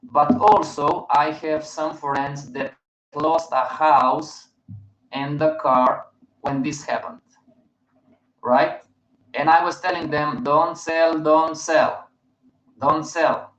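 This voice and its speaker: A man's voice: on the high side, steady tone, measured pace, a bit bright, slight background noise. A man hosting a live webinar, speaking emphatically and often checking in with his listeners. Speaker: host, market educator. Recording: roomy, dull stream audio.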